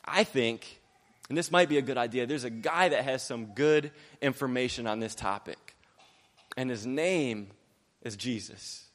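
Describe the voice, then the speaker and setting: A young man preaching a sermon quickly and energetically, mixing in jokes and acted-out quotes. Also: medium pitch, long reverb tail.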